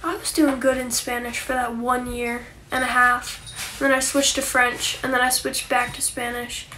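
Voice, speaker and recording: Bright high-voiced young woman rambling. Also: little pitch movement, normal speed, slight background noise. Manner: rambling, frequent likes and ums, swears casually. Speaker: livestreamer. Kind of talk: casual livestream chat.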